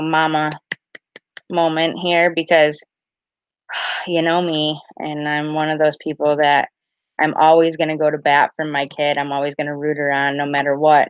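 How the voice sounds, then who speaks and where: A woman in her thirties with a low voice rambles through a casual late-night live stream. She is chatty and loose, stringing thoughts together with "like" and "I was like". The recording is dry and slightly dull. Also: no echo. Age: 30s. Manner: greets chat viewers warmly by name. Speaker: live-stream card reader. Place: home at night.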